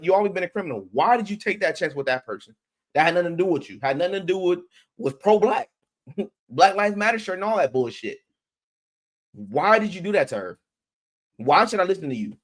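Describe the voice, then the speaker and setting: A man's voice: sits high, big pitch swings, brisk. A man streaming a heated commentary rant, blunt and profane, who repeats his words and restarts sentences as he presses his point.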